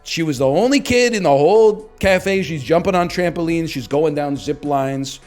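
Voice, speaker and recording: A man's voice: fairly high pitch, normal speed, a little mellow, soft background music. Profane, rambling man in his thirties. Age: 30s. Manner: profane, rambling, self-deprecating. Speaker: streamer. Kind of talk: casual storytelling chat.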